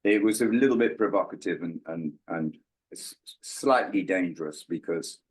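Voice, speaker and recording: A man's voice: normal speed, husky, poor audio. An older man from England, a musician guest in an interview, telling stories and acting out the dialogue of the people in them. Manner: animated storyteller, acts out quoted dialogue with big pitch jumps. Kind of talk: casual storytelling interview.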